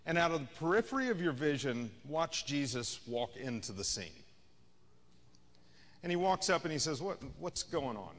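A man's voice: a little high, very animated, normal speed, a bit bright, long reverb tail. A man preaching a sermon as a pastor, in a conversational style that rises and falls in intensity. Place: church sanctuary.

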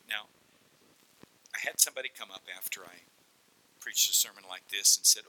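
A middle-aged man preaching a sermon, telling stories animatedly and dropping to hushed whispers. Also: fairly low pitch, normal speed, pauses often, rough recording. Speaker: pastor.

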